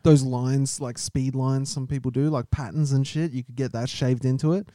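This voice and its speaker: Mellow-voiced man teasing. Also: mid-range voice, fairly even intonation, moderate pace, dry recording. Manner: teasing, dry. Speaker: podcast co-host. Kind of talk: casual chat.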